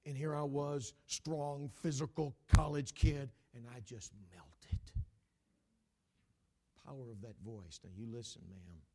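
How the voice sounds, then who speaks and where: A middle-aged man delivering a sermon, speaking straight to his listeners and swinging from loud, forceful bursts to hushed, almost whispered lines, often repeating and restarting words. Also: mid-range voice, fairly even intonation, slow pace, slightly rough. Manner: dramatic preaching, swinging from loud outbursts to hushed near-whispers; addresses the audience directly, repeats and restarts words. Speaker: pastor.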